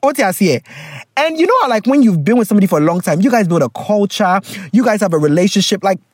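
Animated, wry woman podcaster. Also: medium pitch, quick pace, slightly rough, no room sound. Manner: animated, blunt and joking, breaking off to comment. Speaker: podcast co-host. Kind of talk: casual chat reading a listener letter.

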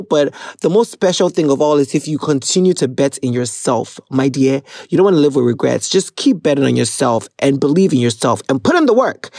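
A young man with a Ghanaian accent hosts a podcast in an easy, playful way. His voice sits a little high for a man, and he laughs often as he chats. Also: darkish tone. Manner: chatty and playful, laughs often, switches into a mock radio voice. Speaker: podcast host. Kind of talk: casual chat.

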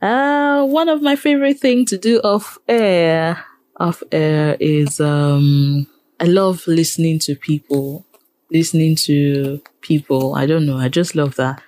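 A woman's voice: low voice, takes it slowly, a little mellow. A Nigerian woman, a radio presenter, talking animatedly in a casual interview and repeating phrases for emphasis. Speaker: radio presenter and programmer, guest.

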